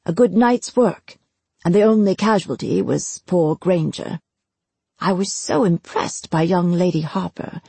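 A scheming male spy master speaks in a calm, unruffled, smooth way, voiced by a woman narrating a storybook. The voice is husky and gravelly. It sounds dry and close to the mic. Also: lowish voice, unhurried, no echo, exaggerated voice.

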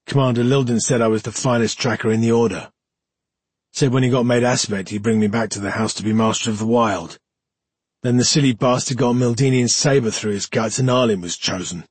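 A man voicing a drunken, bitter older male tracker who slurs and grumbles, with a very husky voice. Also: mid-range voice, fairly even intonation, brisk, no echo, lightly acted. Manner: slurred, grumbling.

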